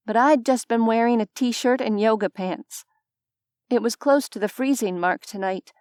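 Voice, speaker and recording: A woman reading a first-person audiobook with wry, even storytelling. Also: medium pitch, clear, resonant tone, dry recording, clean studio sound. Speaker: audiobook narrator. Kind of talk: scripted first-person narration.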